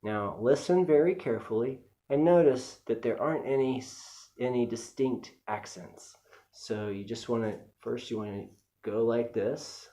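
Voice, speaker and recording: A man's voice: mid-range voice, a little slow, warm tone. A man giving a casual music lesson, chatty and easygoing, with frequent fillers as he explains technique. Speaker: music teacher. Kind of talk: casual instructional talk.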